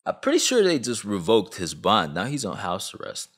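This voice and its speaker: A man in his twenties from Canada, a YouTuber delivering a comedic, slangy commentary rant. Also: normal speed. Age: 20s. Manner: animated, swooping pitch, slangy.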